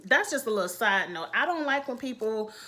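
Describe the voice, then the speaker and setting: Blunt chatty woman, higher voice. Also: expressive, fairly quick, bright, forceful tone. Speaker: reality TV reviewer. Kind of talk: casual opinionated commentary.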